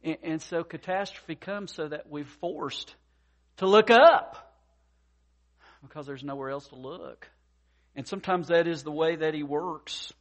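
A man preaching a sermon as pastor, folksy and expressive, with many fillers, swinging from soft to loud and acting out worried voices. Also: fairly high pitch, normal speed. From mountain region.

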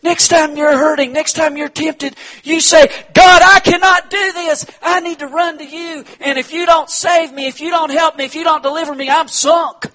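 A man doing an urgent, high-pitched counselor. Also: little pitch movement, unhurried, hardly any pauses, fairly bright tone. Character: fatherly male pastor giving counsel.

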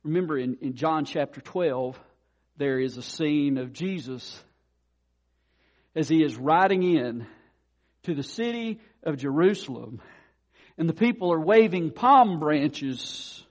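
Guy preaching a sermon, goes soft then loud, high voice jumping all over. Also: measured pace, muffled recording. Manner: animated preaching, swings from soft asides to loud declarations. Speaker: pastor.

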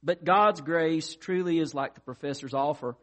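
This pastor's voice is a little high and a bit bright, at a moderate pace. His sermon is conversational and direct, built on stories and aimed squarely at the congregation.

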